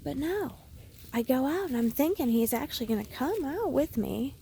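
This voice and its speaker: A woman vlogging in a personal, confessional way, sliding between hushed whispers and emphatic, swearing outbursts. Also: high-pitched, lively intonation, moderate pace, vocal fry, a little hiss or hum. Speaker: spiritual vlogger.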